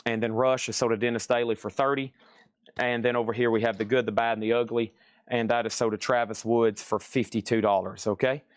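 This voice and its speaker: A man hosting a live-stream record sale, rattling off titles and prices in brisk salesman patter and repeating each price. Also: medium pitch, no echo, clean studio sound. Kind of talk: live-stream auction selling. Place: record shop.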